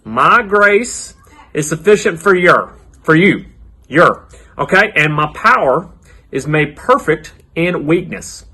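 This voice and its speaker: A man putting on a folksy cowboy voice, slow and drawn out and hammed up for kids. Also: a little high, expressive, pushed and bright, slightly rough, full character voice. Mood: hammy drawl.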